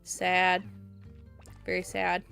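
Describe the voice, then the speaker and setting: Giggly woman streamer rambling while she plays, gets excited fast, bit of game music behind. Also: lowish voice, gravelly. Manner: chatty, easily excited, giggly. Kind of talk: casual gameplay stream chat.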